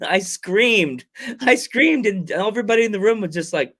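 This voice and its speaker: A man hosting a podcast, telling animated stories and acting out other people's cries and shouts in casual chat. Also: high voice, a little slow. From Long Island, New York. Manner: excitable storyteller, acts out quotes with loud cries. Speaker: podcast host.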